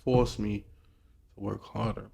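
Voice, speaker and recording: A young man co-hosting a podcast, telling a story in casual chat, animated and excited, with lots of restarts. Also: fairly low pitch, a little slow, creaky, husky. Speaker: podcast co-host.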